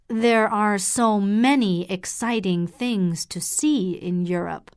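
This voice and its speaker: Woman, storybook narration, very slow, clear, even pitch.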